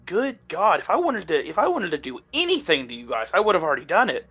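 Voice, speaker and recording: A man's voice: a little high, animated, normal speed, bright, forceful tone, dull audio. A man voicing a cocky, touchy one-handed adventurer with a hook, talking back defensively. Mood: alarmed.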